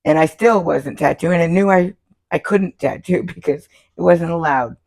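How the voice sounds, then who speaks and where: An older woman from Florida, a tattoo artist telling lively stories in an interview, laughing often and acting out the people she quotes. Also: lowish voice, moderate pace, gravelly. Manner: animated, laughs often, acts out quoted voices. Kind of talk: casual storytelling interview.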